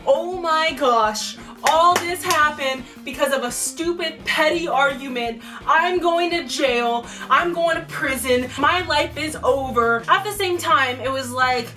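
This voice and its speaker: A young woman vlogger telling a personal story in a lively, slangy way. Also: high voice, recorded from a distance. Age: young adult. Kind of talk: storytime vlog. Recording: voice a bit off-mic with faint music.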